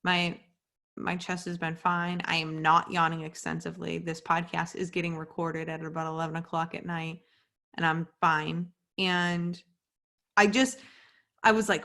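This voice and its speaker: Young woman podcast host, slightly low voice, loose candid chat, swears freely. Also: level tone, moderate pace, creaky, bright, forceful tone. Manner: chatty, many "like" fillers, candid and swearing. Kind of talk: casual solo podcast monologue. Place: home at night.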